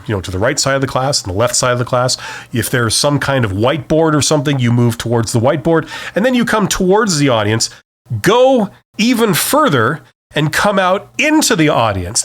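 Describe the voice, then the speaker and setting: A man delivers unscripted advice alone on his podcast, animated and adding "okay?" after most points, playing with volume and speed to demonstrate. He speaks at a medium pitch and a moderate pace.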